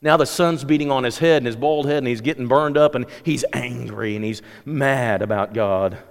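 A man's voice: medium pitch, moderate pace, creaky. A man preaching a sermon, conversational at times and rising to impassioned exhortation. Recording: long hall reverb.

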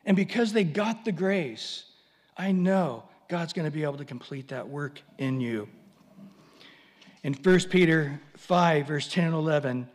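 A man's voice: fairly high pitch, animated, a little slow. A man preaching a sermon, telling vivid stories with dramatic swings and humorous asides. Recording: long hall reverb.

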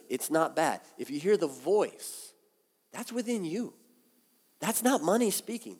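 Pastor preaching in a reverberant hall. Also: male voice, medium pitch, husky. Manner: conversational, animated preaching with restarts. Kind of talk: sermon.

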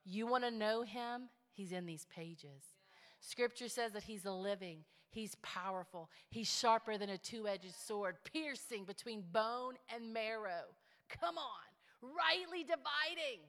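A woman pastor preaching a sermon in a large church. She swings from hushed, intimate asides to rising, building exhortation. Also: fairly high pitch, slow pace. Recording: long church hall reverb.

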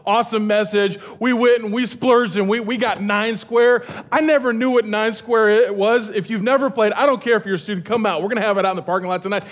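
A middle-aged man with a high-pitched voice preaches from a church stage. His sermon is casual and full of jokes. He keeps the energy up and stumbles into restarts as he talks. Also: quick pace, hardly any pauses. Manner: energetic and joking, with many restarts. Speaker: pastor.

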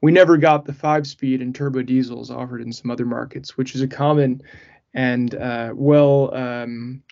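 A man's voice: mid-range voice, steady tone, normal speed, vocal fry, darkish tone. Male podcast co-host, casual rambling chat, muffled lo-fi sound. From northeastern US. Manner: rambling, frequent fillers and restarts. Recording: muffled lo-fi audio.

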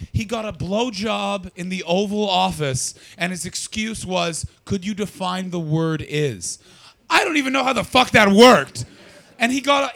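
A man's voice: high voice, gravelly, sharp tone. A man doing stand-up, brashly and profanely teasing the audience in crowd work. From not from Britain. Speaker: stand-up comedian.

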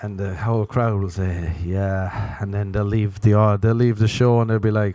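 A man's voice: fairly low pitch, steady tone, normal speed, warm tone. A man with an Irish accent hosting his own podcast, rambling through a self-mocking comic monologue and slipping into acted inner voices. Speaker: podcast host.

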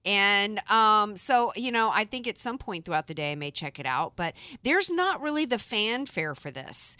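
A woman's voice: mid-range voice, sing-song, normal speed, pushed and bright, dry recording. A woman from the American South hosting a radio talk show, chatty and playful, giggling as she talks. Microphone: studio microphone.

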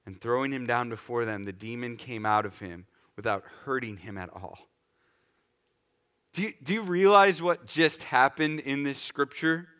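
A man preaching a sermon in a lively, conversational way, acting out scenes for the congregation. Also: medium pitch, moderate pace. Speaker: pastor.

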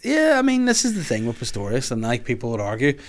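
A man's voice: medium pitch, wildly swooping pitch, fast. A young man with a Northern Irish accent hosting a casual podcast, rambling, swearing freely and laughing a lot. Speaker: podcast host. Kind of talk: casual chat.

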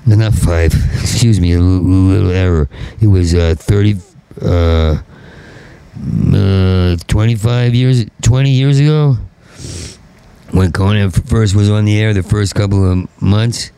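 A man's voice: deep voice, a little slow, warm tone, clean tone, rough recording. A middle-aged man with a heavy stutter, delivering a rambling, bitter stand-up monologue. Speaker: stand-up comedian.

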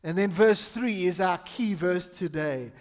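A man preaching a sermon as pastor, reading scripture slowly and emphatically and calling the congregation to respond. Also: sits high, in a large hall. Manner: slow, emphatic reading with pauses for meaning. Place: church with an overflow hall.

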